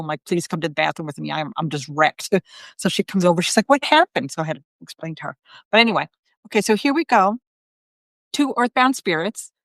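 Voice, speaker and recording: A middle-aged woman works as a psychic medium and tells her story in a casual live-video chat, with a slightly low voice. She talks chattily and keeps breaking into asides and quoted self-talk. The sound is dry and close, with no room echo. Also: a bit bright.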